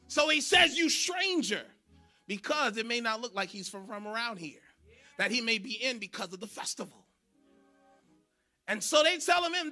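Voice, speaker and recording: A man preaching a sermon in church, animated and shouting for emphasis. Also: very high-pitched. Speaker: pastor.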